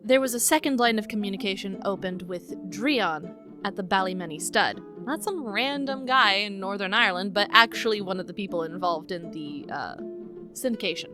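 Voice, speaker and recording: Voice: mid-range voice, moderate pace, music in the background. A woman co-hosting a podcast, retelling a case from her notes in casual chat and laughing often. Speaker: podcast co-host.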